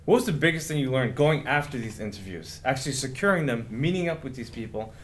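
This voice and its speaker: A man's voice: mid-range voice, animated, fast talker. A man hosting an interview, chiming in with supportive remarks and summing up his guest's points. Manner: supportive, affirming interjections and summaries. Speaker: interview host. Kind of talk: casual interview chat.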